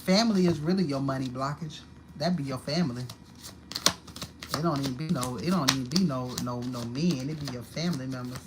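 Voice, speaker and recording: A woman's voice: rumbling low, fairly quick, music in the background, low-quality recording. Blunt, foul-mouthed woman reading cards. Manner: blunt, profane and repetitive. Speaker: tarot reader. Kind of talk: live-streamed card reading. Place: home apartment.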